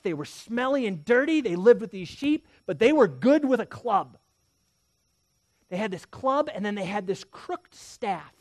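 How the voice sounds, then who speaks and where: Pastor swinging from loud to hushed. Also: male voice, sits high, dry recording. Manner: swings from loud emphasis to hushed near-whisper; storytelling, direct address to the congregation. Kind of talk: sermon.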